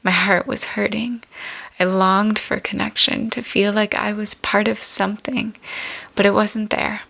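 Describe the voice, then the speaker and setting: A woman in her twenties reading her own memoir aloud in a measured, reflective way. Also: medium pitch, little pitch movement, vocal fry, bright, forceful tone.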